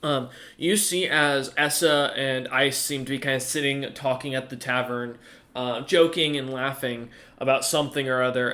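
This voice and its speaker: A man's voice: mid-range voice, fairly bright tone. A man running a tabletop game as game master, narrating in a hesitant way full of fillers and restarts.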